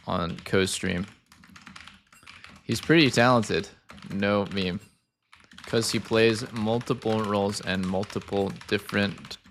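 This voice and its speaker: Here a game streamer rambles to his audience in a relaxed, profane chat packed with "like." His voice sits on the low side yet has a fairly bright tone, and there's slight background noise.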